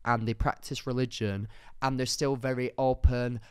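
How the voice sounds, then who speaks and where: A young man co-hosts a casual podcast, telling stories with excitable energy and sudden loud jumps. His voice is smooth and clear, recorded close and dry in a studio. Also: mid-range voice, moderate pace, no room sound. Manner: excitable storytelling, rising to loud bursts. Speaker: podcast co-host. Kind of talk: casual chat.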